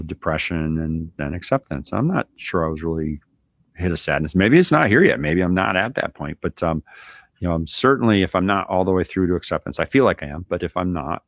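A man's voice: low-pitched, dry recording. A man hosting a show, giving a casual coaching monologue in a loose, conversational way with lots of filler. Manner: loose, conversational, lots of "you know" and "right?". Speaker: business owner and show host.

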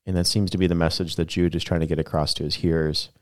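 Deep-voiced man, reflective pastor. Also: level tone, quick pace, dry recording, clean studio sound. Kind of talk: casual podcast chat about a sermon.

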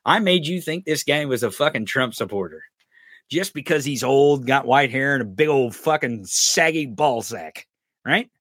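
A man's voice: mid-range voice, animated, moderate pace, fairly bright tone, no room sound, studio quality. Foul-mouthed mocking male podcast host. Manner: crude, mocking, swears constantly, laughs at clips. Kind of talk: profane political commentary over clips.

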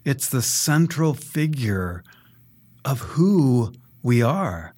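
A man's voice: medium pitch, very animated, slow pace, darkish tone. A middle-aged male priest reading scripture and preaching in a conversational storytelling way, chuckling often.

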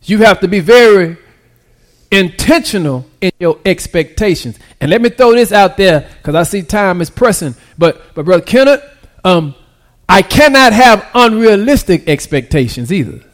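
A man with a high voice preaching a sermon. He keeps checking in with the congregation and swings from near-whispered asides up to loud, excited peaks. His grammar is loose and conversational. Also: moderate pace. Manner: preaching with call-and-response, swinging from hushed to shouted; casual vernacular grammar. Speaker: pastor.

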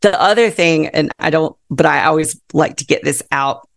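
A woman talks as a guest in a relaxed interview, her voice carrying a gravelly edge. She speaks earnestly and with feeling, leaning on the points she cares about. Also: deep voice, moderate pace. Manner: earnest, heartfelt and emphatic. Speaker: guest author and counselor. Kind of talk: casual interview talk.

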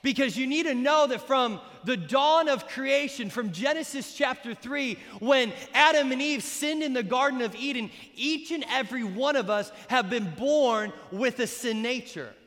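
A man pastor preaching an energetic, joking sermon at a baptism, sometimes bursting into shouts. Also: very high voice, moderate pace, few pauses. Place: church sanctuary during a baptism. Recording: echoey hall.

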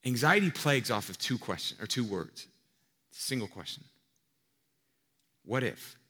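A man preaching a sermon in a conversational way, asking rhetorical questions and swinging between loud emphasis and quiet asides. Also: mid-range voice, sing-song, fairly quick, breathy edge. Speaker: pastor. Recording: long reverb of a large hall.

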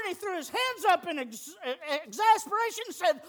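A man's voice: very high voice, animated, normal speed. A middle-aged man preaching a sermon as pastor, emphatic and folksy, with humor.

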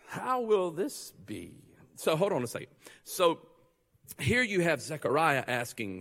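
A male pastor preaching a sermon, joking and conversational, then building to loud, fervent passages. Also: medium pitch, very animated, unhurried, pauses often, long reverb tail.

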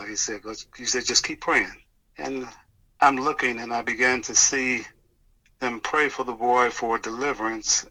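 Man, bright and forceful tone, telling a first-hand story with hesitant restarts. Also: medium pitch, rough recording. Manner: earnest, halting retelling with restarts and quoted dialogue. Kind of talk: personal testimony storytelling.

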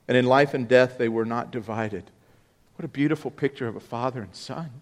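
A male pastor delivering a sermon in a mid-range voice. He drops soft and low when reading scripture, then climbs loud and forceful when driving a point home. His delivery sweeps between hushed and emphatic. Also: brisk. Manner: preaching with big swings from quiet reading to loud emphatic outbursts.

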